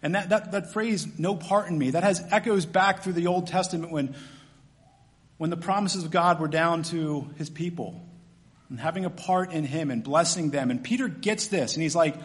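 Male pastor, high voice, animated sermon delivery, long church-hall reverb. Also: moderate pace. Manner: animated, swings from loud emphatic to quiet and soft.

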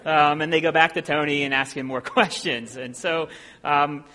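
A man from Ohio preaching as a visiting preacher, talking in a relaxed, self-deprecating way with plenty of ums. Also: a little high, normal speed. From Ohio, USA. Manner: conversational and self-deprecating, with many filler sounds. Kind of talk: sermon. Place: church sanctuary. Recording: long hall reverb in a church.

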